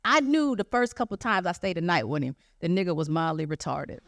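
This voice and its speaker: A young adult woman doing stand-up comedy, telling profane stories in a loud, animated way and acting out the people she quotes. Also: on the low side, fairly quick, a little hiss or hum.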